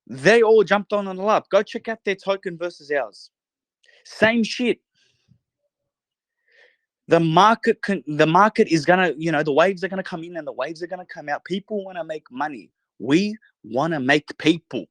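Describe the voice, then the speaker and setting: A man with a fairly high voice delivers a fervent, profane rallying speech as a podcast host. He talks from a bedroom in a holiday house. The sound is close and dry, with no room echo. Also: normal speed, fairly bright tone. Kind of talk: impassioned late-night podcast monologue.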